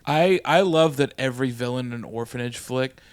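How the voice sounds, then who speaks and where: A man's voice: mid-range voice, a little fast, smooth, no room sound. A young man hosting a comedy podcast with wry, joking banter. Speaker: podcast host. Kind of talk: casual chat.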